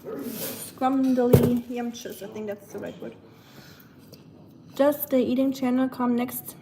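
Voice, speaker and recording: A chatty woman with a German accent hosts a cooking live stream, her voice sitting a bit high. She jokes at her own expense in a playful, easygoing way. The home stream is noisy, with clicks in the background. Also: steady tone, measured pace, reverberant. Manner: chatty, playful and self-mocking.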